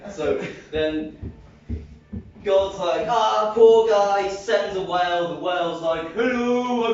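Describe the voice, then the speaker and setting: Man playing stoned slacker Jesus, Liverpool accent, slow giggly drawl, echoey distant club recording. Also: high voice, darkish tone, highs cut off, a little hiss or hum. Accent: English, Liverpool. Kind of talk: live stage sketch comedy. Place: club stage, heard from the room.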